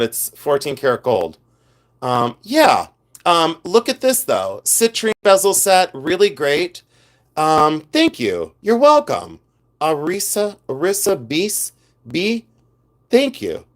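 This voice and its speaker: A man hosting a casual jewelry livestream, talking in a somewhat higher voice than most men. He rambles with plenty of ums and uhs and stays chatty and animated throughout. He sounds like he is talking into a phone or webcam at home. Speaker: jewelry designer and livestream host.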